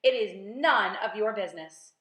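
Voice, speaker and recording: A woman reading aloud, voicing a shrill, bossy, scheming aunt who yells and snaps. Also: sing-song, normal speed. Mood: spiteful. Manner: yelling, spiteful. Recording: roomy echo.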